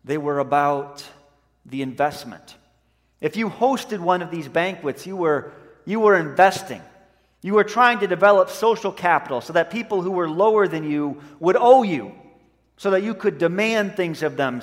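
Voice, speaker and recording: A man's voice: high-pitched, lively intonation, moderate pace, long reverb tail. A man preaching a sermon as pastor, earnest and conversational, telling a story and acting out voices in it.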